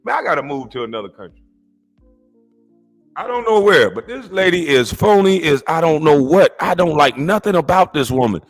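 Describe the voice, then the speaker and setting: A man streaming a profane comedic rant as he reacts to clips, incredulous and mocking, often shouting. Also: a little high, big pitch swings, a little fast, faint music behind.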